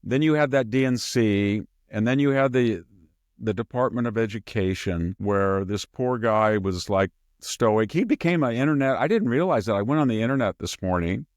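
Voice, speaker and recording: A man hosting a podcast, giving casual political commentary as an animated storyteller who slips into mimicking the people he quotes and chuckles mid-sentence. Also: mid-range voice, moderate pace, no room sound, clean studio sound. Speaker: podcast host.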